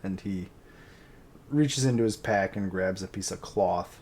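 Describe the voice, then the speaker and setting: A man narrating as game master of a tabletop game, halting with frequent fillers. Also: low-pitched, a crowd in the background.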